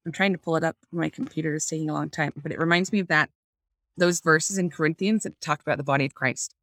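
This woman has a deep, fairly bright voice and speaks fast, with no room sound in the recording. As a video-call guest, she talks earnestly about faith and parenting, thinking out loud and hunting for the right words.

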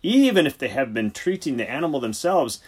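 A man voicing a preachy, husky senior vet. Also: mid-range voice, very animated, fairly quick, pitched above the performer's own voice. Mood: lecturing. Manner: brusque, preachy, theatrical. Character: exasperated, lecturing senior country vet, man. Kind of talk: audiobook character voice.

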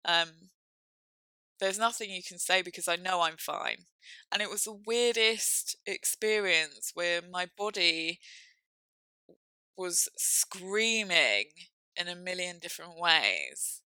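Woman, young adult, candid reflective monologue, lowish bright voice. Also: smooth, no room sound, rough recording. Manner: reflective, frank, halting with fillers.

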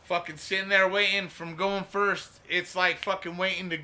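A young man, a stand-up comedian, telling animated, profane stories in a casual podcast chat. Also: high voice, moderate pace, background noise. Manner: profane, animated storytelling full of "dude" and "bro".

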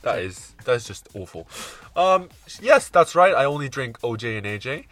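A man's voice: medium pitch, sing-song, normal speed, fairly bright tone, no room sound. A young man from Britain co-hosting a podcast in jokey, playful banter. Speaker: podcast co-host. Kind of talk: casual chat.

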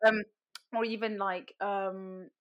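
A woman's voice: medium pitch, slow pace, highs cut off. A young woman, a podcast guest telling stories in casual chat, full of fillers and laughter. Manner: animated storyteller, lots of fillers and laughter.

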